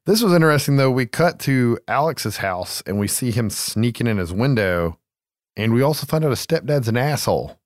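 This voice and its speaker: A man's voice: medium pitch, animated, moderate pace, no room sound, clean studio sound. A man co-hosting a casual movie recap, loose and profane, laughing easily. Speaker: podcast co-host.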